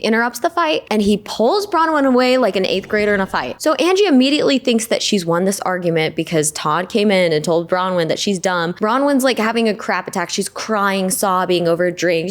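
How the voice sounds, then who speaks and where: A woman hosting a casual recap, dramatic and sarcastic, with swearing. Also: mid-range voice. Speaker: host.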